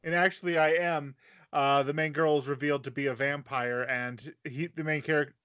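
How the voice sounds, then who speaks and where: A man with a somewhat high voice, talking casually on an anime podcast. He explains plot details at an easy pace and breaks in with brief agreeing remarks. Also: steady tone, normal speed, a bit bright, dull audio. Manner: chimes in with short backchannels, then explains plot points. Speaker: podcast co-host. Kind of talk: casual chat about anime.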